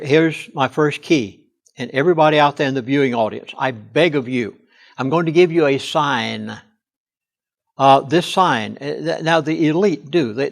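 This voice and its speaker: An older pastor with a fairly high voice, speaking in a studio interview. He sounds earnest and punches key words with heavy emphasis. He sits as the guest and explains at length. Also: gravelly. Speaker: pastor and chaplain.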